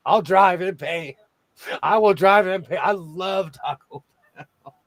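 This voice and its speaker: A man's voice: high-pitched, takes it slowly, a bit bright, no echo. A man in his forties from California rambles through a casual chat in a slightly raised voice. His sound is dry and close, with no room around it. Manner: rambling, chatty storyteller.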